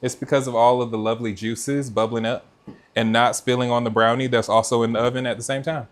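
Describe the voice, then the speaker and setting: A man's voice: mid-range voice, flat delivery, quick pace. A man hosting a live cooking stream from his kitchen, chatting casually and talking straight to his viewers. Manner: chatty, talks straight to viewers and reads out their comments. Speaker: cooking livestream host. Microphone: mic with noise cancellation.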